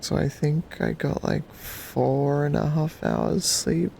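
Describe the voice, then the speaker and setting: A freshly woken man streams to his chat in a heavily gravelly, creaky morning voice, with his nose blocked. He talks slowly and drowsily, in a fairly high register. Now and then he breaks into giggles and squeaky cheers. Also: big pitch swings, a little mellow, a little hiss or hum. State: groggy morning voice. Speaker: livestreamer.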